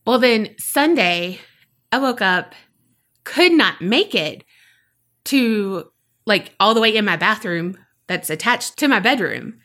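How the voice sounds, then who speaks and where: Slowly and expressively, a woman in her 30s tells a story from her life on the podcast she co-hosts, acting out remarks she made back then. Her pitch sits in the middle and her tone is sharp, fitting the casual storytelling feel.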